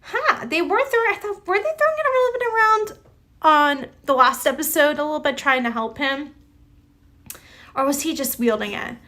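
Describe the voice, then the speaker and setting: With lively intonation and a moderate pace, a woman with a high voice chats live with viewers. She rambles casually in a bright, forceful tone, reacting to comments with plenty of "like" and restarts.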